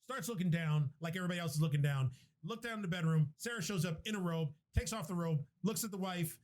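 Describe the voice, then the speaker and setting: A man's voice: high-pitched, fast talker, darkish tone. A man hosting a podcast, retelling a movie plot in a rambling, profane, casual way. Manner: rambling, profane storytelling with restarts. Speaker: podcast host. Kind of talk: casual movie recap chat.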